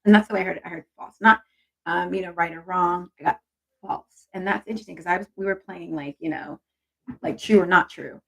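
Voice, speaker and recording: Husky woman coaching a live stream. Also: lowish voice, steady tone, a little fast, a bit bright, rough recording. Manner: chatty, encouraging, reads viewer comments aloud. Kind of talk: casual live-stream teaching.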